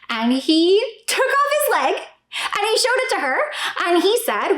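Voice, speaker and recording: A woman's voice: high-pitched, sing-song, moderate pace, a bit bright. A woman in her thirties talking straight to the viewer as a homeschooling parent, emphatic and often checking in with "okay?". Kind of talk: direct-to-camera talk.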